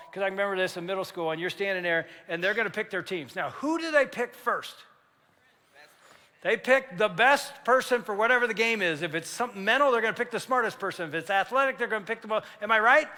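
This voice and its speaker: An older man preaching a sermon, telling a story with lively acted-out dialogue and building to shouts. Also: sits high. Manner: animated, acts out dialogue, rising to shouts at climaxes. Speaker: pastor. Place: church sanctuary. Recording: long church hall reverb.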